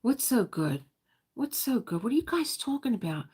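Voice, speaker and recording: In a casual livestream about diamond painting, a middle-aged woman chats and rambles, regularly trailing off to find her words. She has a higher, sing-song voice that is husky and darkish in tone, delivered at normal speed.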